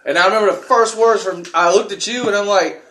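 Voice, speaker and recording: A man with a high voice, well above the usual for a man, talks casually with a wry, joking edge. He speaks in an echoey room, and a faint hiss runs behind him. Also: fast, fairly bright tone. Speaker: podcast co-host. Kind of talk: casual chat.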